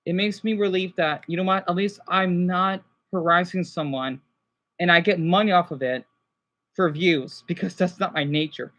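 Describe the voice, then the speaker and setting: A male streamer talks through a rambling reaction session in a bright, sharp-edged voice. He stammers, restarts his thoughts and apologizes again and again. Underneath it all he sounds stressed and overwhelmed. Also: sits high, steady tone, moderate pace. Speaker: livestreamer. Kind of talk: rambling livestream reaction commentary.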